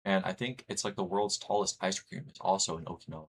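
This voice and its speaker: A man's voice: sits low, steady tone, fast talker, husky. A young man from the United States chatting casually with his livestream chat, rambling and reading messages aloud. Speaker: streamer.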